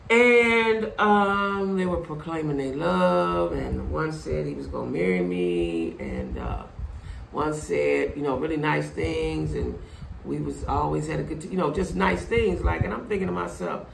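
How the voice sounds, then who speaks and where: A middle-aged woman vlogs in a casual monologue, preachy and blunt, leaning hard on her points. Her voice has a gravelly fry to it. The room is echoey, with a faint hum of noise underneath. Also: low-pitched, lively intonation, a little slow. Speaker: vlogger.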